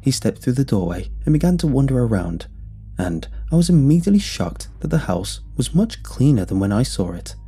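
Low, husky male horror narrator. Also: mellow. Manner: measured, deliberate storytelling. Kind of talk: scripted horror story narration. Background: faint music.

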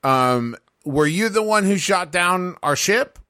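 A man's voice: high voice, expressive, slow pace, bright, forceful tone, no echo, clean studio sound, voice pushed up, heavily acted. A man playing a brash male warrior in a tabletop game, blunt and defiant. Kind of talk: in-character tabletop role-play.

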